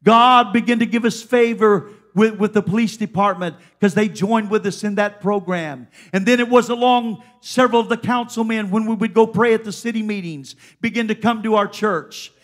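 A woman's voice: mid-range voice, moderate pace, hardly any pauses. A woman preaching a fervent Pentecostal sermon at a church service, exhorting the congregation. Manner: fervent, exhorting, with repeated calls of "come on".

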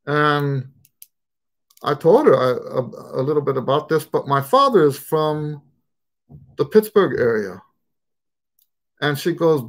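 A man's voice: on the high side, lively intonation, slow, long pauses. An American man with a mixed, shifting regional accent, hosting a trumpet Q&A live stream in a rambling, casual way with many fillers. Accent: mixed American, Texan and Western Pennsylvania touches. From United States.

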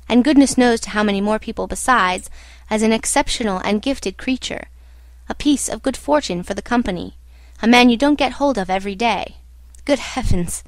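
A woman's voice: a little high, no room sound. Woman narrating a classic novel. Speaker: audiobook narrator.

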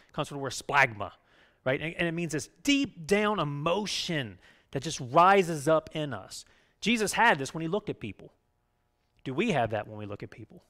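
A pastor preaches in a conversational manner, frequently checking in with "right?" as he swings between loud urging and quieter moments. His voice is a little high.

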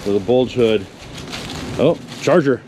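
A man's voice: medium pitch, lively intonation, a little slow, noisy background. A man presenting a casual outdoor walkaround of old cars, chatting to viewers and talking to the cars themselves. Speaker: car magazine presenter. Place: outdoors in a wooded salvage yard.

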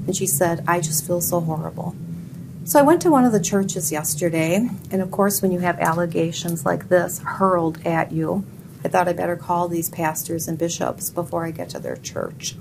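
Low gravelly woman, firm and emphatic. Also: expressive, normal speed. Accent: Upper Midwest American. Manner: firm, emphatic denials, plainspoken. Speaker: judicial candidate. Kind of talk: editorial board interview. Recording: noisy room audio.

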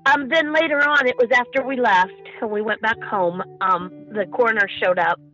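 Woman, emotional, halting speech, fillers and restarts, slightly high pitch, muffled lo-fi audio. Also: pushed and bright. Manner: halting, many ums and restarts. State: emotional, holding back tears. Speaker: guest, grieving mother. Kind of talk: emotional interview recollection. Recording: dull lo-fi sound with faint music.

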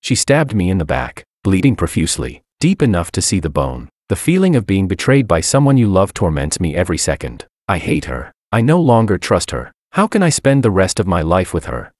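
A man reading a first-person story aloud in a steady, measured way. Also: deep voice, dry recording, clean studio sound. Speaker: narrator.

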